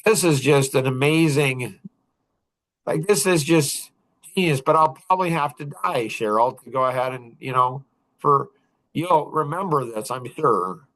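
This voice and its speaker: A man's voice: medium pitch, a little slow, a bit bright. A man in his fifties hosting a podcast, telling rambling stories in casual chat and chuckling often. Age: 50s. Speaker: podcast host.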